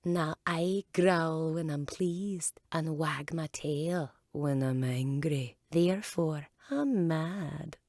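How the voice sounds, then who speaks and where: A woman voicing a grinning, riddling cat in a slow, drawn-out, half-whispered manner. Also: deep voice, darkish tone, no room sound, studio quality. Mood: drawling.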